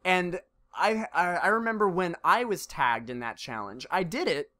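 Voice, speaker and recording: A man's voice: high voice, lively intonation, normal speed, sharp tone. A man co-hosting a casual podcast, rambling and restarting his sentences as he thinks aloud. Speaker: podcast co-host. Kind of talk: casual chat. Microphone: podcast mic.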